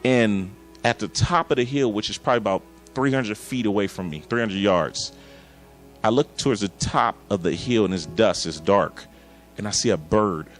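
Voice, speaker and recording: A man's voice: fairly low pitch, normal speed, soft background music. A man in his thirties preaching a sermon, telling an emotional personal story and acting out his dialogue with God. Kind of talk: sermon testimony.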